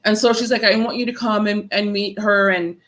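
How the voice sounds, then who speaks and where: A woman's mid-range voice comes through briskly on a low-quality recording. She's a horror author in her thirties, telling casual stories in an interview with lively energy and acted-out impressions of the people she quotes.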